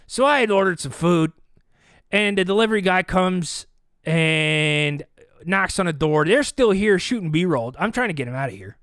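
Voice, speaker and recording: Man, podcast host, comic storytelling, lively swooping pitch, fairly high voice. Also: normal speed, no echo, studio quality. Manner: animated, acts out quoted voices. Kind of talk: comedic storytelling.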